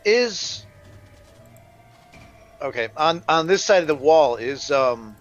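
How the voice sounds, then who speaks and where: Lively man playing a tabletop game. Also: a little high, slow pace, highs cut off, faint music behind. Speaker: player.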